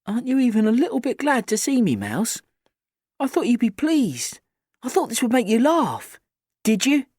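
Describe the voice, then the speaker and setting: Man voicing a cheeky teenage schoolgirl, breezy, teasing, lively lilt, dry sound. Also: very high-pitched, normal speed, breathy edge, dry recording, pitched above the performer's own voice, full character voice. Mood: coaxing.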